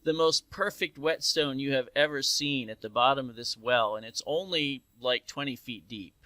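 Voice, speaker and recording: A man's voice: mid-range voice, normal speed, sharp tone, no room sound. A man narrating as game master of a tabletop game, rambling and restarting as he describes scenes. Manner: rambling, full of restarts and fillers.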